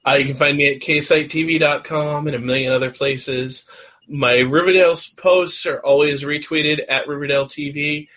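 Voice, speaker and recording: Bright, lively man co-hosting a podcast. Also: on the high side, moderate pace, a little hiss or hum. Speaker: podcast co-host. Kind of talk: casual podcast chat.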